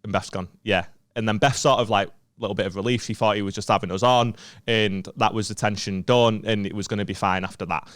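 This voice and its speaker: Fast-talking northern English man telling a story. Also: fairly low pitch, steady tone, a bit bright, clean tone, no room sound. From northern England. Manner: rapid anecdotal storytelling, swearing freely, acting out quoted lines. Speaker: podcast co-host. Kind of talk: casual storytelling chat.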